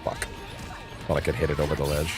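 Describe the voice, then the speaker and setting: A man's voice: rumbling low, flat delivery, fast talker. A man streaming a video game, rambling casually and swearing at his mistakes. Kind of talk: live gameplay commentary. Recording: game music clearly behind. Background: game music.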